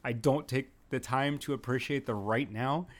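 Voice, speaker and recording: A man's voice: medium pitch, normal speed. A young man hosting his own podcast, talking casually and earnestly, self-deprecating and rambling from home with a window open. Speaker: podcast host. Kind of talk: casual solo podcast monologue. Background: occasional breeze from an open window.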